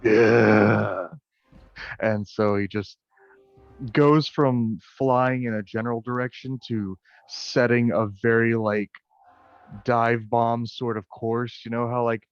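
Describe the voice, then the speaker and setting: A man playing a tabletop game, calmly describing his character's actions. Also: mid-range voice, unhurried, clear, resonant tone, dry recording. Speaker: player. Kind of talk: tabletop role-play. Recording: dry, muffled mic.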